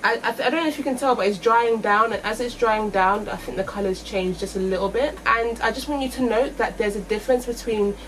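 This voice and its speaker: A woman's voice: a little high, fairly quick, few pauses, rough recording. A young woman chatting through a makeup review vlog, thinking aloud and correcting herself as she goes. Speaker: beauty vlogger.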